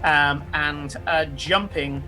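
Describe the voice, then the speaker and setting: Bright-voiced man narrating a game. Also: fairly high pitch, fairly even intonation, takes it slowly, soft background music. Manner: descriptive, with frequent fillers. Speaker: game master.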